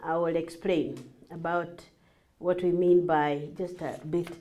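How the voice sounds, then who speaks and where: Animated Kenyan woman marriage coach. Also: lowish voice, a little slow, a little hiss or hum. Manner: animated, acts out examples, mixes in Swahili. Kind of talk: classroom teaching.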